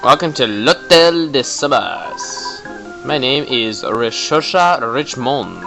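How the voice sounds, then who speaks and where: A man voicing a smug male hotel assistant manager in a game, speaking slowly and haughtily in a put-on French accent. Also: mid-range voice, very animated, gravelly, bright, forceful tone, faint music behind, heavily acted, poor audio. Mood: haughty. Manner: slow, drawn-out and haughty.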